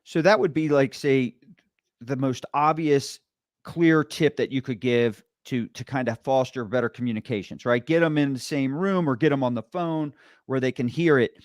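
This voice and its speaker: A man's voice: mid-range voice, moderate pace, no room sound, clean studio sound. A man hosting a podcast interview, asking questions and reflecting in a chatty way. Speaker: podcast host.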